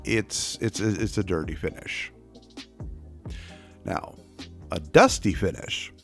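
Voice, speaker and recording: Slow-talking casual male instructor. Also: low voice, faint music behind. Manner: chatty, jokey asides, puts on voices for examples. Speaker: wrestling class instructor. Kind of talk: casual spoken lesson.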